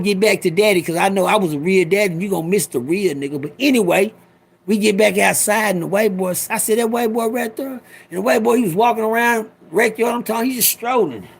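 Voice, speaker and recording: Gravelly middle-aged man telling a story. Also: high voice. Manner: profane, rambling, animated, breaks off to talk to viewers. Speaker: storyteller addressing live viewers. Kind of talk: casual livestream storytelling.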